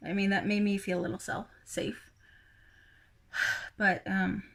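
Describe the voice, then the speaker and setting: A woman's voice: mid-range voice, little pitch movement, a little slow, gravelly, fairly bright tone. A young woman rambling through a casual personal vlog, hesitant, with many fillers and sighs. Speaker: vlogger.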